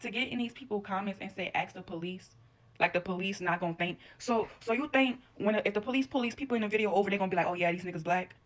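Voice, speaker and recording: A woman's voice: medium pitch, racing, few pauses. A woman giving a blunt, profane reaction rant to camera.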